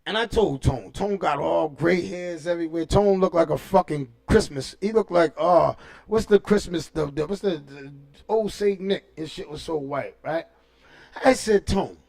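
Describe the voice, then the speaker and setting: A man hosting a casual livestream, giving shout-outs and boisterous, profane trash talk full of street slang and "you know what I'm saying.". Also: on the high side, creaky. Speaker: livestream host.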